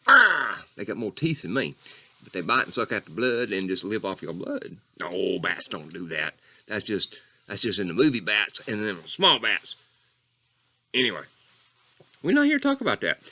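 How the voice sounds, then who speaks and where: A man's voice: sing-song, moderate pace, pushed and bright, exaggerated voice. A man doing a rambling bayou catfish character. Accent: Southern US (Louisiana bayou). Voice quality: folksy drawl, wildly swooping pitch. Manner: meandering, digressive, mock-earnest storytelling. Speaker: comedy character host. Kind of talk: character monologue.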